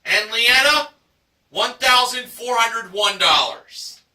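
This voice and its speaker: High-voiced man shouting game show recaps. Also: expressive, reverberant, far from the mic. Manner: showy announcer delivery, drawn-out shouted prices. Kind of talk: enthusiastic scripted recap narration.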